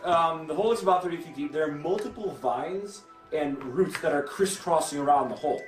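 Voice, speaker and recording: Young male game master, halting narration; echoey room, faint music behind. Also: a little high. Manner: halting, many restarts and fillers.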